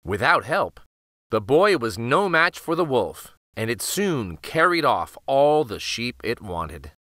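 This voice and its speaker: A man reading a fable aloud for children, expressive and animated. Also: medium pitch, slow, no echo, clean studio sound. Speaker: children's storyteller. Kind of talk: read-aloud for kids.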